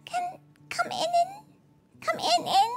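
Woman doing a frantic squeaky sugar glider. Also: animated, slow pace, soft background music, exaggerated voice. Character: small excitable male sugar glider. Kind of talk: picture-book read-aloud.

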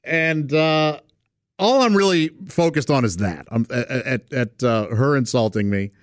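A man's voice: medium pitch, a little slow, no echo, clean studio sound. A middle-aged man, a comedian guest, telling a story casually with lots of fillers. He breaks into laughter often. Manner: rambling, many fillers, laughs while telling.

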